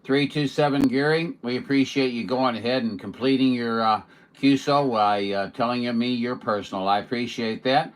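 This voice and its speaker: A man chatting casually on a CB radio from home, in a relaxed, chatty way and somewhat hoarse. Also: medium pitch, moderate pace, a little hiss or hum. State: losing his voice. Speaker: CB radio operator. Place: home radio station in Missouri.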